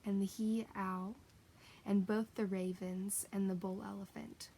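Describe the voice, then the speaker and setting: A woman voicing a great lion who speaks in a measured, solemn and commanding way. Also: mid-range voice, little pitch movement, dark tone, slight background noise, lightly acted.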